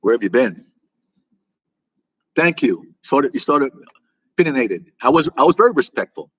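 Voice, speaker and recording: Husky American man chatting with viewers. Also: medium pitch, sing-song, moderate pace, fairly bright tone, no echo, low-quality recording. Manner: rambling, repeats himself, talks back to viewer comments. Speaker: livestream host answering chat. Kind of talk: casual live chat.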